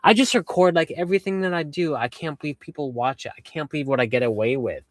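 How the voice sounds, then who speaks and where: A man's voice: a little high, fast, no echo. A young man from western Massachusetts chatting casually on a livestream from his camper van, reading viewer comments in a rambling, upbeat way. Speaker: vanlife livestream host.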